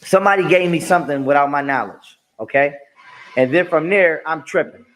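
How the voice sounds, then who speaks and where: A man with a somewhat raised pitch, ranting in a played clip. He talks emphatically, repeats himself and swears a lot. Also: a little fast, fairly bright tone. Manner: emphatic, repetitive, profane. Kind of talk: ranting monologue.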